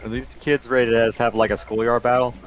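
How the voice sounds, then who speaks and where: A man's voice: medium pitch, little pitch movement, brisk, lo-fi sound. A man co-commentating a game playthrough, teasing his friend with crude jokes. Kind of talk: casual gaming commentary.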